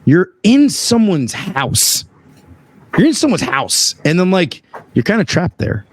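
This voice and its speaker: A man in HVAC sales recounts a story casually on a podcast, animatedly voicing each person with large pitch jumps. His pace is measured, and his voice has a breathy edge.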